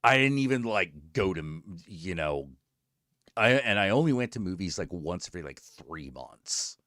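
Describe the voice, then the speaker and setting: Animated, swearing male streamer telling stories. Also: low voice, moderate pace, dry recording, clean studio sound. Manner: animated, profane, acts out both sides of conversations. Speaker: streamer host. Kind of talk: casual storytelling chat.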